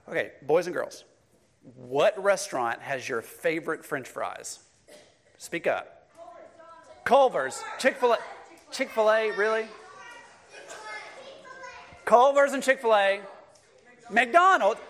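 A middle-aged man preaching a sermon in a conversational, animated way, talking directly to his congregation. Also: high voice. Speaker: pastor.

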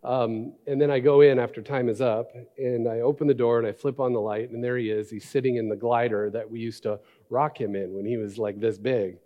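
A male pastor in his thirties preaching a sermon, reading scripture slowly and telling family stories. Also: medium pitch, narrow, tinny audio. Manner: reads scripture slowly, then tells a lively family story. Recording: long reverb of a large hall.

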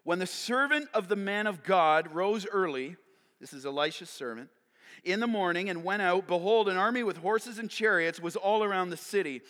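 Male pastor, high bright tone, dynamic animated sermon with long hall reverb. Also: moderate pace. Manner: dynamic preaching, dropping to whispers and rising to shouts; acts out characters in playful voices. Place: church sanctuary.

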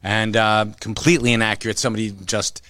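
A man co-hosting a casual podcast, telling a story with animated retelling and free swearing. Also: on the low side, quick pace, clean tone, no echo, clean studio sound. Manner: animated storytelling, acts out quotes, swears freely. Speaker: podcast co-host, comic shop worker. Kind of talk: casual chat.

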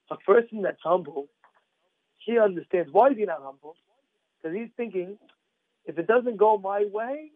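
Rabbi type, male, high-pitched and animated, repeats himself while telling stories, thin phone-like sound. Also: dry recording. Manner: animated, repetitive, acts out story voices. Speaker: rabbi giving a Torah class. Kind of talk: storytelling sermon. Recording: dry, phone-like narrow sound.

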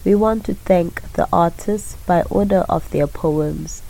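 A woman reading out credits in a calm, measured way. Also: fairly low pitch, vocal fry, faint music behind, low-quality recording. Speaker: credits reader.

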